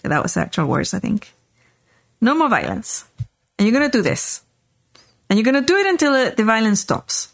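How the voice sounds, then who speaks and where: A woman podcast host telling a story in casual chat, animated, often checking in with "right?". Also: a little high, fairly quick, gravelly, pauses often.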